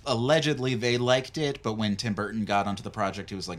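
A man's voice: fairly low pitch, quick pace. A man co-hosting a casual movie podcast, dryly chiming in with trivia and corrections. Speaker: podcast co-host.

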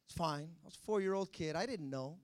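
A man preaching a sermon in a lively, joking, conversational way. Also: a little high, a little fast. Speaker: pastor.

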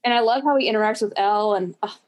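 A woman's voice: medium pitch, rapid-fire. A woman co-hosting a casual podcast, gushing enthusiastically about favorite book characters and acting out bits of dialogue. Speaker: podcast co-host. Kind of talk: casual chat about books.

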